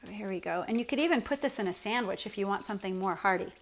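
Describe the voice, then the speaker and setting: A woman's voice: medium pitch, fast, hardly any pauses, a little hiss or hum. A woman hosting a cooking show, chatting upbeat and directly to the viewer while she cooks at the stove. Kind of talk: cooking demonstration with chatty asides. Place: home kitchen at the stove.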